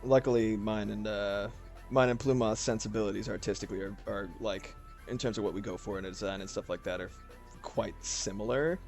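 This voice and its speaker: Fairly low-pitched and a little mellow, this man talks fairly quickly with fairly even intonation, faint music playing behind. He's an art streamer rambling casually on a livestream while drawing, swearing freely.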